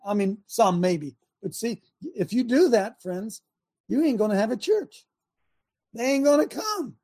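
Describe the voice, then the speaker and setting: Fiery preaching talk show host. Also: male voice, high voice, lively intonation, unhurried. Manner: fiery, preachy, shouts for emphasis.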